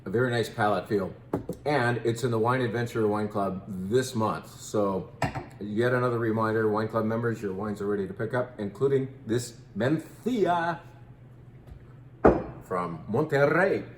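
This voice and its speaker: In a roomy, echoey space with a faint hum beneath, a wine shop host in his fifties leads a casual, relaxed tasting. His voice is lowish, and he talks quickly and chattily, tossing in playful asides about pronunciation.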